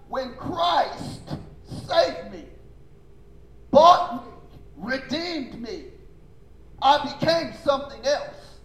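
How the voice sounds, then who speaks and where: A man's voice: very high voice, a bit bright, reverberant, low-quality recording. A man preaching a sermon as pastor, emphatic and folksy, calling out to his congregation for responses. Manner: folksy, informal phrasing.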